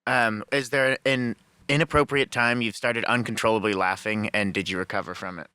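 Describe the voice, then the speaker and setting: A podcast host reads out questions to his guests plainly and evenly. His voice is bright, crisp and smooth, at a middle pitch. The sound is dry. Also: steady tone, moderate pace, no room sound. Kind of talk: reading interview questions.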